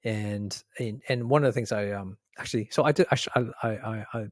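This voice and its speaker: A middle-aged Canadian man co-hosts a podcast, chatting casually, telling stories animatedly, mimicking others and laughing often. His lowish voice moves fairly quickly, recorded at studio quality with no room sound.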